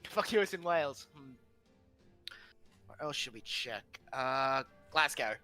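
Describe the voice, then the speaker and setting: Bright-voiced joking man at a game table. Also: medium pitch, expressive, measured pace, soft background music. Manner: joking, teasing, laughs often. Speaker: tabletop player. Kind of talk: casual tabletop banter.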